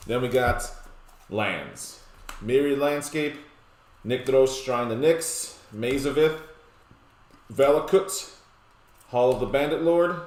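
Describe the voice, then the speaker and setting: A man casually walking through a card game deck, rattling off long lists of cards with relaxed, joking asides. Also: medium pitch. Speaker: deck tech presenter. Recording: roomy echoey room.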